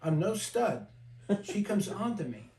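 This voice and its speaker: A man's voice: high voice, sing-song, measured pace, darkish tone, distant mic. An older man, a therapist leading a group discussion, speaking frankly and telling stories, sometimes mimicking the voices of people he quotes. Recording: echoey room, voice from off-mic.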